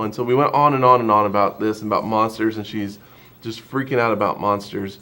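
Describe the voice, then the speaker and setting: A man's voice: fairly low pitch, steady tone, fairly quick, sharp tone. A man, a pastor and co-host, telling a family story in casual chat in a TV studio. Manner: anecdotal storytelling with fillers.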